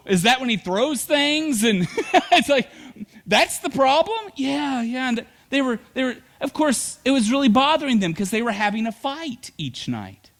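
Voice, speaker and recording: A middle-aged male pastor preaching a sermon, telling humorous stories with lively, animated delivery. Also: very high voice.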